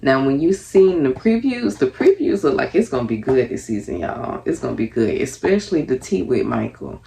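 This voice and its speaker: A woman's voice: very deep voice, sing-song, moderate pace, vocal fry, dark tone, slight background noise. A young woman casually reviewing a reality TV episode, chatty and earnest, with lots of fillers. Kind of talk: casual reaction commentary.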